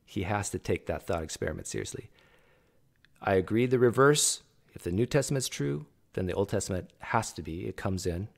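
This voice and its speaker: With a lowish, expressive, creaky voice and a fairly quick pace, a man hosting a reaction video casually argues with and responds directly to the speaker in the clip.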